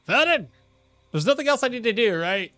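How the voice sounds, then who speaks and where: A man's voice: very high voice, sing-song, moderate pace, bright, forceful tone, no echo, faint music behind. A man streaming a game live, chatting casually, rambling into asides and chuckling often. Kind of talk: casual live-stream chat while playing.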